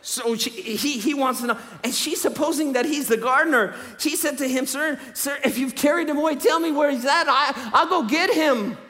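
A man preaching a sermon, with a repeating cadence that swings between loud declarations and hushed lines. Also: very high voice, moderate pace, hardly any pauses. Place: church sanctuary. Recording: reverberant hall.

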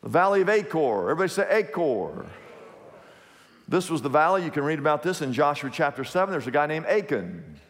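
A man preaching a sermon as a pastor, telling stories in an animated way and repeating his phrases. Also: on the high side, a little fast, long reverb tail. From Kansas, USA.

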